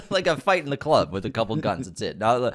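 A man's voice: lowish voice, very animated, brisk. A man co-hosting a casual movie news podcast, rambling and wry, laughing often. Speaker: podcast co-host.

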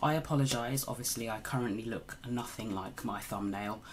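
A beauty vlogger with a groggy early-morning voice chats about makeup. The talk is rambling and apologetic, with a middle pitch and a little faint noise behind. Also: normal speed. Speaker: beauty channel host. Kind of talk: casual makeup vlog chat.

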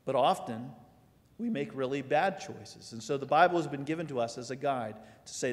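A man's voice: mid-range voice, normal speed. A man preaching a sermon as pastor in a conversational way, asking his listeners rhetorical questions. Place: church sanctuary. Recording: long hall reverb.

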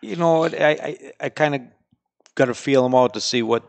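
A man's voice: mid-range voice, normal speed, gravelly, no echo. A middle-aged man, a store owner answering questions in an easygoing, matter-of-fact way. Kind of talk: casual chat.

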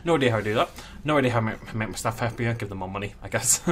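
A man's voice: fairly low pitch, rapid-fire, faint music behind. A young man giving casual commentary as he plays a zoo game, chatting and cooing at the animals. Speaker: gaming channel host.

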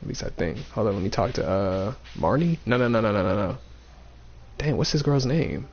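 Brief: gaming host, gravelly and animated, talks to himself as he plays, muffled lo-fi mic. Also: lowish voice, normal speed. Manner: thinking aloud, repeating himself, playful. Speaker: gaming streamer. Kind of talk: casual let's-play commentary.

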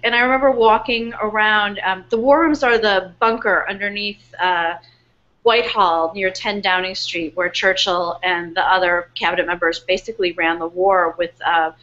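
A woman author telling the story behind her book in an earnest, animated way, full of fillers and restarts, speaking from home over a webcast. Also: mid-range voice, highs cut off. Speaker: author being interviewed. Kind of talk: casual storytelling interview. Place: home in New York, remote webcast.

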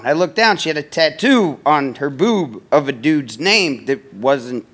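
A man's voice: on the high side, animated, unhurried, fairly bright tone. A man doing a stand-up comedy set in a club, rambling and self-deprecating, full of fillers and restarts.

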